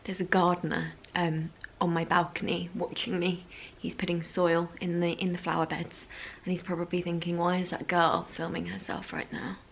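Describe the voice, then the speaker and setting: Chatty young woman. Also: mid-range voice. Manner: chatty and light, with frequent "like" and "um" and soft laughs. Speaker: beauty vlogger. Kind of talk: casual makeup tutorial chat. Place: home room by a window.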